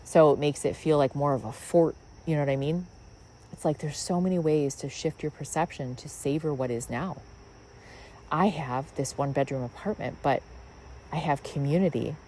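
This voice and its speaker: A woman's voice: deep voice, normal speed, mellow, a little hiss or hum, poor audio. A woman hosting a spiritual podcast, talking outdoors in her backyard in a rambling, musing way with many fillers. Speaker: podcast host. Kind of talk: reflective spiritual monologue.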